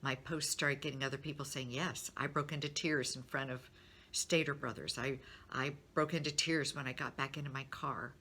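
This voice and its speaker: A woman's voice: rumbling low, fairly even intonation, normal speed, bright, forceful tone, slight background noise. A middle-aged woman speaking to her business network in a candid, encouraging way, openly sharing her feelings. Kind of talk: personal talk to a business network.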